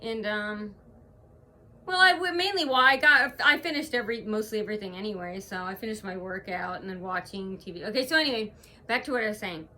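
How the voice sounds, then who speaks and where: Brief: woman vlogger at home, bright and tense voice, halting aggrieved rant. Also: mid-range voice. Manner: rambling, aggrieved retelling full of hesitations. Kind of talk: casual to-camera vlog monologue.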